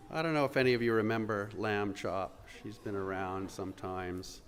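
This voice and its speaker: A man leading a school chapel service, talking to the congregation in a relaxed, halting way. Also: on the low side, slight background noise. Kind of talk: casual address to a congregation. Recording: reverberant chapel.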